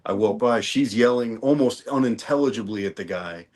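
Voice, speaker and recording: A man's voice: lowish voice, moderate pace. A man from New Orleans, a songwriter guest in a casual interview, telling stories with frequent restarts and repeated words. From New Orleans, Louisiana. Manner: relaxed storytelling with many restarts and repeated words.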